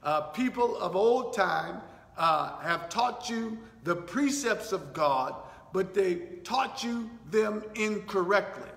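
A man's voice: high-pitched, expressive, takes it slowly, creaky, a bit bright. A man preaching a sermon as pastor, teaching verse by verse with frequent fillers and asides of "thank you, Lord.". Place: church sanctuary. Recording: echoey church hall.

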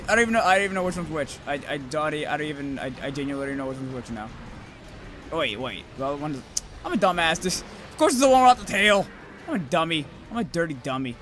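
A young man commentating his own gameplay, rambling to himself and cursing loudly at the monsters. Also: on the high side, expressive, fast, slight background noise. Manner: profane, rambling, yells at monsters.

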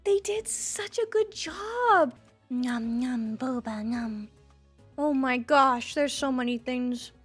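High-voiced, gushing woman gamer. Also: slow, husky, soft background music. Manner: excitable, gushing, squealing at cute creatures; silly joking asides. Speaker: gaming streamer. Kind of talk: let's-play commentary.

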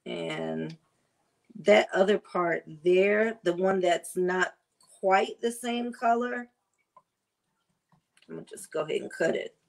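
A woman food vlogger chatting casually while she prepares and tastes seafood, savoring and drawn-out in her talk. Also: on the low side, vocal fry. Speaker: cooking vlogger. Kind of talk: casual chat while cooking.

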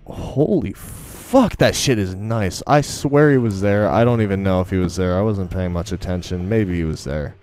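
A man's voice: low voice, normal speed, hardly any pauses, a little mellow, slight background noise. A young man giving casual, profane, rambling commentary while playing a game, mocking himself as he goes. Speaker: gaming video host.

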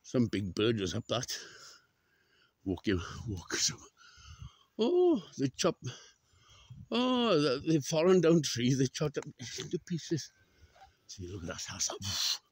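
A vlogger walks up a hill outdoors at dawn, chatting to the camera and exclaiming and swearing at the sheep around him in casual running commentary. His medium-pitched voice is husky and sing-song, unhurried, with no room sound.

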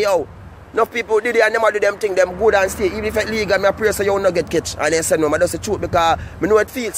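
Fast-talking Jamaican man, high voice. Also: a little hiss or hum. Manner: rambling, fast patois talk with repeated "you know what I mean". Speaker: vlogger. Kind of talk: casual vlog monologue.

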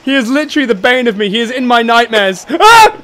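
A young man streaming a co-op game with friends, excitable and quick to yelp and laugh when things go wrong. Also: very high voice, slight background noise. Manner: excitable, yelps and laughs in panic. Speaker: gameplay streamer. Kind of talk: co-op gameplay commentary.

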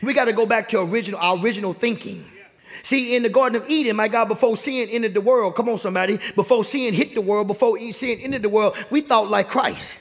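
A young man preaches in a church sanctuary, working the room with call-and-response and climbing into shouts. His voice sits very high and carries a gravelly rasp. The delivery is a full sermon to the congregation. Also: fast talker. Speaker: pastor.

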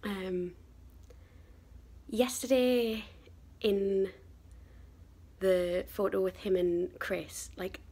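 A young woman vlogging to camera, excited and emotional, hesitant and full of fillers. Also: medium pitch, extremely slow, pauses often, no echo. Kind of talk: casual vlog talk to camera. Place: convention arena and outdoors nearby.

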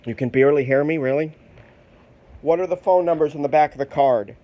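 A man's voice: fairly high pitch, fairly quick, warm tone, a little hiss or hum. A man talking on the phone to his goddaughter, blunt and pushy with her yet tender, calling her sweetie. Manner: blunt, scolding then tender. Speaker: godfather on the phone. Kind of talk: phone call.

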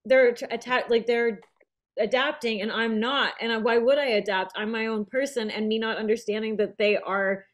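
A woman chatting casually as a podcast co-host, blunt and animated, swearing freely as she talks. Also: a little high, moderate pace. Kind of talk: casual chat.

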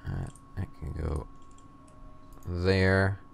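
A man's voice: low voice, very animated, extremely slow, gravelly, slight background noise. A young man hosting a strategy game let's-play, talking playfully with a mock-grand announcer tone. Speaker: host, gamer.

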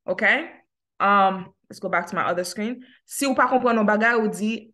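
A woman with a Haitian accent teaching an English class online, slowing down to model simple phrases. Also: a little high, big pitch swings, a bit bright. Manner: switches between Haitian Creole and English, slows down to model phrases. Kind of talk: online language lesson.

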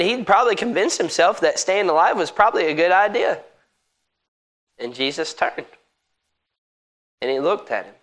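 A man pastor preaching a sermon in an emphatic, conversational way that rises at times to shouts. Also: on the high side.

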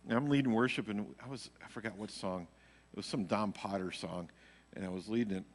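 Man, worship leader, low register, casual rambling testimony, live in a reverberant church hall. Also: brisk. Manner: rambling storytelling, heavy on fillers. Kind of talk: casual personal testimony to a congregation. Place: church sanctuary.

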